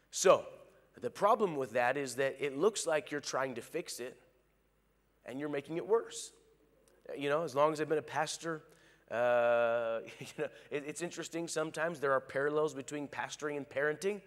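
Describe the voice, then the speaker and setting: A male pastor preaching a sermon, animated, acting out quoted lines. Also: medium pitch, moderate pace, in a large hall. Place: large church hall.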